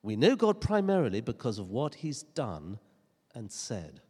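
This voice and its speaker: Male preacher, earnest and emphatic, lively intonation, long church reverb. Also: mid-range voice, a little slow, slightly rough. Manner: earnest, emphatic preaching with rhetorical questions and dry humor. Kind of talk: sermon.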